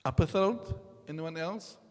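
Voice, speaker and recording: A man teaching a class in a mosque, slow and patient, repeating each sound for his students to copy. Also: on the high side, a little mellow. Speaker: Qur'an recitation teacher. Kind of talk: classroom lesson. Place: mosque hall. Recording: long hall reverb.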